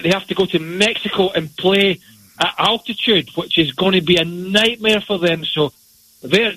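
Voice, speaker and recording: A man's voice: a little high, bright, forceful tone, husky, dry recording, poor audio. A man giving blunt, opinionated soccer analysis on sports radio.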